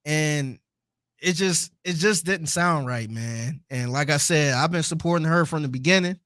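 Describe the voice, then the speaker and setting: Animated man with a dry close voice. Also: on the high side, moderate pace, no echo. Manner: animated storytelling, laughs between points, repeats himself. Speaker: podcast co-host. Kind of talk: casual podcast chat.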